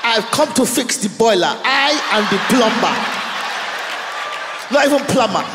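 A man's voice: very high voice, lively intonation, unhurried, a loud crowd, very noisy. A woman doing a pompous Nigerian-accented macho plumber. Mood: commanding. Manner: stiff, formal, commanding, loud. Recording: reverberant live venue.

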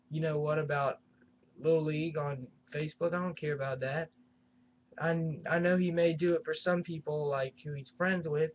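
A man's voice: mid-range voice, dull audio, slight background noise. A young man ranting in a vlog, complaining and repeating himself with many restarts, recorded at home. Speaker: YouTube reviewer. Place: at home near his action figure collection.

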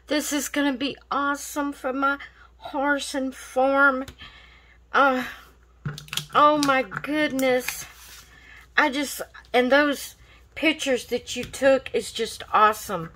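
A woman, gushing and excited as she opens craft mail in a casual vlog. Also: a little high, takes it slowly. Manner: gushing, excited, repeats thanks. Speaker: craft vlogger.

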